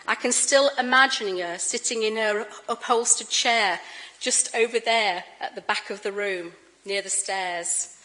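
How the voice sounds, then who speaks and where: A woman's voice: medium pitch, a little slow, rough recording. Middle-aged woman giving a council speech. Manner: warm, anecdotal, gently humorous. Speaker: incoming Lord Mayor. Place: council chamber.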